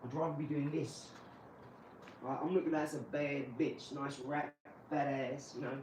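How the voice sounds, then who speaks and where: A young man streaming live from his garage, mocking and trash-talking a viewer with sudden loud outbursts. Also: fairly high pitch, level tone, moderate pace, recorded from a distance, heavy background noise. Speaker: livestreamer. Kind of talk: live stream chat while boxing.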